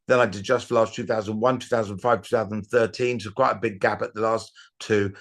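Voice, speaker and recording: A middle-aged comedian telling rambling anecdotes in a casual interview, with restarts and acted-out quotes. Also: male voice, lowish voice, fairly even intonation, brisk. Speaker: comedian guest.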